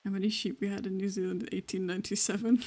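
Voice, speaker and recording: A woman's voice: mid-range voice, fairly even intonation, fast talker, mellow. A Welsh woman playing in a tabletop role-play stream, chatting casually between scenes, laughing often, swearing freely and teasing. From Wales. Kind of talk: casual banter on a live stream.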